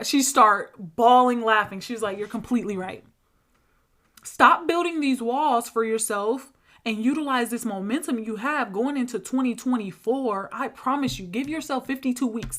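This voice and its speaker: Woman coach on her podcast, kinda high voice, super animated, acts out who said what, laughs a lot. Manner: animated, acts out quoted dialogue, laughs often. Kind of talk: casual storytelling monologue.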